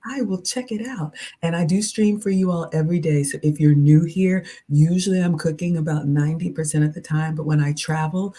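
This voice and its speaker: A woman's voice: low-pitched, fairly even intonation, brisk, few pauses, warm tone. A middle-aged woman from the American South with a Southern accent, chatting casually with her viewers on a livestream and reading out their comments in a playful way. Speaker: cooking and lifestyle livestreamer.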